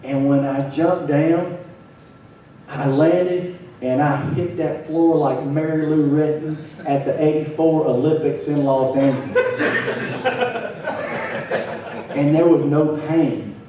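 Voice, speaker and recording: Man, earnest storytelling speaker, mellow tone, fairly high pitch, booming hall echo, distant mic. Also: steady tone, takes it slowly, slight background noise. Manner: earnest, repeats words when emotional. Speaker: motivational speaker. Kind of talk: personal story told to an audience. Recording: very echoey hall, from far off.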